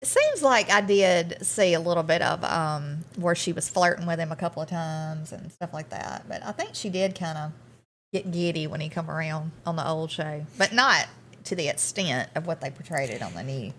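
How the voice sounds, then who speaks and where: A woman's voice: low-pitched, normal speed, fairly bright tone, a little hiss or hum. A woman co-hosting a morning show, chatting casually and chiming in with friendly short replies. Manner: friendly, agreeable, backs up her co-host with short replies.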